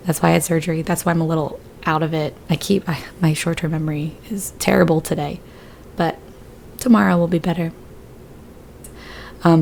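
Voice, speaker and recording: Woman, gaming creator, hoarse and deep with a gravelly edge, loose rambling commentary. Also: a little mellow, slight background noise. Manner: rambling, chatty, a bit scattered. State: hoarse after surgery, voice lower than usual. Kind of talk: casual gameplay commentary.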